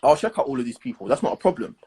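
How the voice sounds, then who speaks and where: A young man talks bluntly in a relaxed chat, his voice husky and a little breathy. He pushes his opinions hard and keeps checking that the listener is with him. His pitch sits at a middle level for a man. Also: very fast. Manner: blunt, animated, leans on slang and "do you understand".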